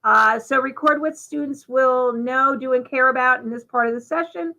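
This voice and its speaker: A woman giving a live software demonstration, talking through each step in a chatty way with fillers. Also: sits high, moderate pace, poor audio. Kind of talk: live software demo walkthrough.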